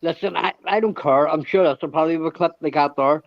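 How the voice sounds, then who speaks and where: Male livestream host, high-pitched, ranting and profane, dry muffled sound. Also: fairly quick, no echo. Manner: ranting, heavy swearing, repeats "it's me". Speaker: show host. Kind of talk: casual livestream banter.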